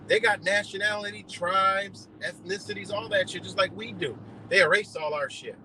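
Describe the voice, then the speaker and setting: A man's voice: high voice, normal speed, sharp tone, a little hiss or hum, poor audio. A man ranting heatedly and profanely in a rambling live monologue, streaming from a car on the road. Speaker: livestreamer.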